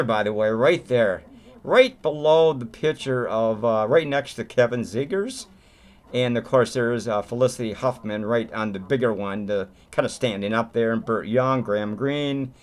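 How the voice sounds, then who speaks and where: A man in the middle of his range rambles through a casual movie review at home, full of fillers and restarts. He talks with eager, easygoing enthusiasm, dropping "man" at the ends of his sentences. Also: medium pitch. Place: home room.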